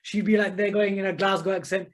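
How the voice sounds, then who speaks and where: An enthusiastic man in his thirties, a maths teacher telling animated stories as an interview guest. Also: high voice, fast. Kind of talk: interview conversation.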